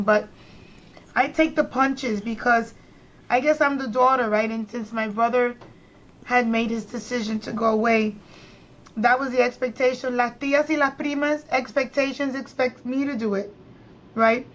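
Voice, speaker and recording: A middle-aged woman from New York, a podcast guest, telling a personal story with emphatic, repeated phrases. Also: on the high side. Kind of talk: emotional personal storytelling in conversation. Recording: slightly dull lo-fi sound.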